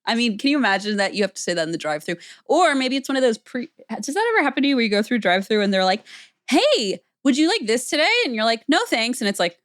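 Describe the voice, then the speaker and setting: A woman's voice: fairly high pitch, animated, rapid-fire, few pauses, a bit bright, no room sound, studio quality. A woman co-hosting a casual podcast, chatting playfully, laughing often and reading ads. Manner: playful, laughs often, sing-song impressions. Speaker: podcast co-host. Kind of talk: casual chat and ad reads.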